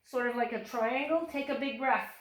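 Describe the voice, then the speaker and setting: A woman with a voice on the high side teaches a cheerful yoga class for young children, giving encouraging step-by-step instructions at a moderate pace. The recording is echoey, with her voice coming from a distance.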